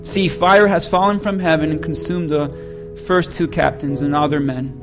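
A man's voice: fairly even intonation, normal speed, music in the background. A man preaching a sermon, emphatic and calling on the congregation to repeat lines back to him. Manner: hushed, low prayer. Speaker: pastor.

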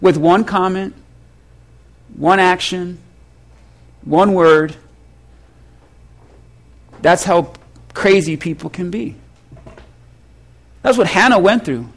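A male pastor preaching a sermon in a lively, conversational storytelling way, poking fun at himself. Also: sits high, low-quality recording. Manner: animated, conversational, self-mocking.

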